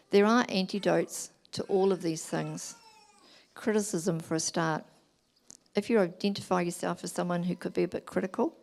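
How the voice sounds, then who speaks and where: A middle-aged woman giving a talk at a church family weekend, explaining gently and acting out examples. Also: on the low side, vocal fry. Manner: gentle, explanatory, acts out examples in quoted voices.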